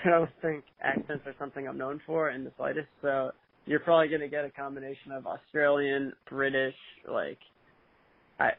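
A man's voice: medium pitch, level tone, moderate pace, vocal fry, no echo. A man with a nasal voice, co-hosting a casual podcast and joking often from a hotel room. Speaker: podcast co-host. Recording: tinny phone line.

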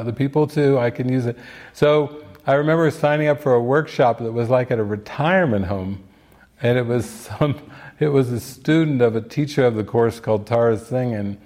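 A man's voice: fairly low pitch, darkish tone. An older man giving a casual spiritual talk, telling stories and acting out quoted voices. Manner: storytelling, acts out quoted voices. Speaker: spiritual teacher giving movie commentary.

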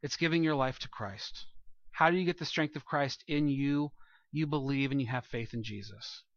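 A man's voice: mid-range voice, moderate pace, no echo, lo-fi sound. A man preaching a sermon as pastor, earnest and rising to emphatic peaks, speaking to a congregation in a church room.

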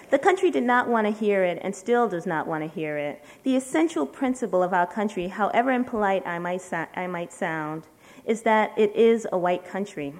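A woman with a medium-pitched voice, a writer at a literary event, reads a letter aloud to an audience. Her delivery is measured and deliberate, with slow, emphatic pauses.

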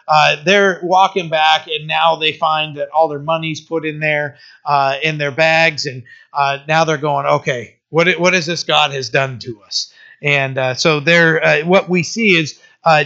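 Chatty male pastor, bright voice. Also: a little high, lo-fi sound. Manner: conversational, many fillers, asks listeners "right?". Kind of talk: sermon reading and explaining scripture.

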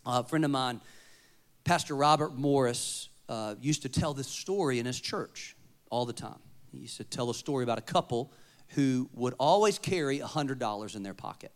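A man preaching a sermon, moving between loud emphatic points and quiet storytelling. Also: medium pitch, lively intonation, moderate pace. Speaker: pastor.

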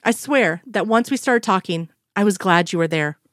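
A woman reading the lines of a young female federal agent in a lively, playful way. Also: mid-range voice, moderate pace, dry recording, studio quality, natural voice.

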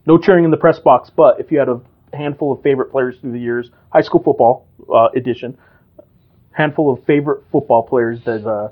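A man hosting a casual sports interview, asking relaxed, teasing questions and answering with short acknowledgements. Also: medium pitch, fairly quick, narrow, tinny audio. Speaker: host.

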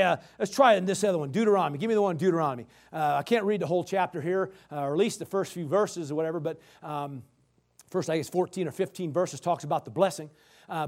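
High-voiced male preacher. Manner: emphatic, rhetorical questions, calls of amen. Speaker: pastor. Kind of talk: sermon.

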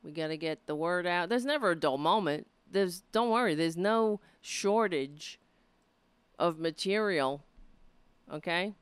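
A woman hosting her own show, rambling and rallying her supporters with a hoarse, cracking voice. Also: fairly low pitch, lively intonation, a little slow, dry recording. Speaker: livestream show host. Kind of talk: casual livestream chat.

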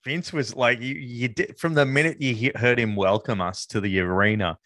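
A man's voice: medium pitch, moderate pace, a bit bright, dry recording, studio quality. A man co-hosting a wrestling podcast, talking casually and rambling with lots of fillers. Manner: rambling, amused, many fillers. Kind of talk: casual review chat.

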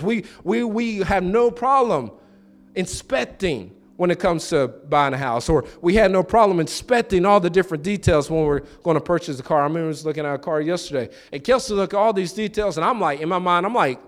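A man preaching a sermon in church, telling stories with acted-out quotes and repeated phrases. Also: fairly quick. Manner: animated, pitch jumps high for quoted voices. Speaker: pastor.

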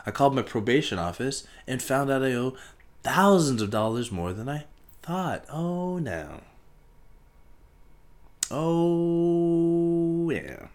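A young man hosting a solo podcast, rambling and swearing casually, talking in circles and breaking into loud shouts. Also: mid-range voice. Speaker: podcast host.

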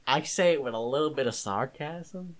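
A man co-hosting a casual podcast, telling a story in an animated, exasperated way. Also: mid-range voice, normal speed. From Italian-American. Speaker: podcast co-host. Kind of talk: casual chat.

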